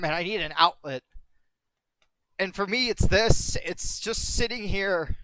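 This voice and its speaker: Tearful, halting young man streaming. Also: sits high, sharp tone, clean tone, no echo. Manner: rambling, halting, emotional, repeats himself. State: tearful, on the verge of crying. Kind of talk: emotional live-stream monologue.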